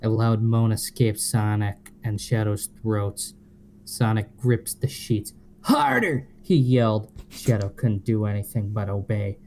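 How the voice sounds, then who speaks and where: Podcast co-host, man, deadpan slow reader, low voice. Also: a little hiss or hum. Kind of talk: reading fanfiction aloud, casual chat.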